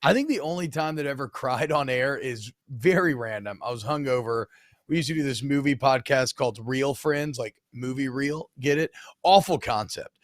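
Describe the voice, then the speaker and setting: A man in his thirties co-hosting a sports podcast, telling a self-mocking story in an animated way. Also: mid-range voice, normal speed, dry recording, clean studio sound. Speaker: co-host. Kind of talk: casual sports podcast chat.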